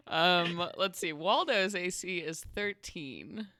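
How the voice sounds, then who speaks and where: A woman's voice: lowish voice, lively intonation, slow, a bit bright, no room sound. A woman playing a tabletop game, laughing, swearing and talking casually. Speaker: player.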